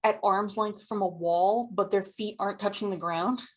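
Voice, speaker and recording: A woman's voice: medium pitch, steady tone, normal speed, darkish tone. A woman player in a tabletop game, describing her character's actions in the third person.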